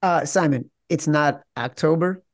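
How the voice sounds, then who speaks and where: A male podcast host with a slightly higher voice talks sports betting in an upbeat, joking way. The sound is dry and close, with no room echo. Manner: upbeat, jokey, quick ad reads.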